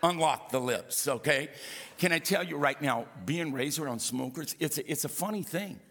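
A man's voice: a little high, normal speed. A male pastor preaching a sermon, telling funny stories with asides to the congregation. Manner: animated, humorous storytelling with asides to the congregation. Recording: reverberant hall.

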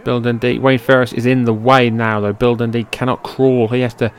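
An excitable man calls a wrestling match play by play into his own microphone, with a voice of ordinary pitch for a man. He drifts between quiet, offhand description and sudden loud, high-pitched shouts, and swears when things go wrong. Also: brisk, a little hiss or hum. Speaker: wrestling commentator. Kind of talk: amateur play-by-play commentary over old footage. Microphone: personal microphone.

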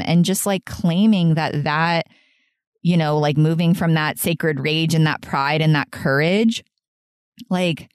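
A woman's voice: sits low, steady tone, takes it slowly, clear, resonant tone, dry recording, clean studio sound. A woman hosting a solo podcast, talking in an earnest, rambling way, often laughing and saying "like". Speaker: podcast host.

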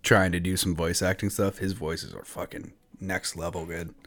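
Laid-back deep-voiced podcast host man. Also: little pitch movement, moderate pace, a bit bright, dry recording. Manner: laid-back, many "uh" fillers, laughs easily. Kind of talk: casual podcast chat.

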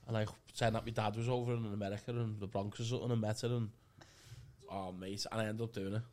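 A man's voice: fairly low pitch, steady tone, quick pace, a little mellow. Scouse man telling gig stories. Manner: laughing, self-mocking storyteller. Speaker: podcast co-host, comedian. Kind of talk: casual banter.

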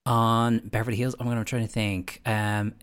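Very low-voiced woman hosting a chat. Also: flat delivery, moderate pace, smooth. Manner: playful, laughing easily, quoting lines with relish. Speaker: podcast host. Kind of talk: casual interview chat.

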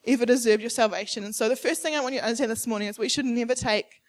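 Young woman preacher, sermon, fairly high voice, emphatic, repeats herself, acts out quotes. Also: rapid-fire. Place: church service.

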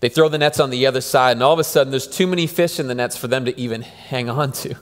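A man's voice: mid-range voice, quick pace. Conversational man preaching in a hall. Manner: conversational, animated with repeated phrases. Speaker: pastor. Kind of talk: sermon. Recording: long hall reverb.

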